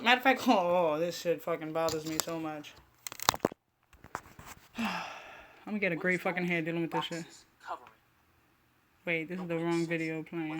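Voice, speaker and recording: A woman's voice: fairly low pitch, a bit bright, slight background noise. A woman hosting an online radio show, ranting bluntly and profanely while replying to her chat. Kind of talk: casual ranting commentary.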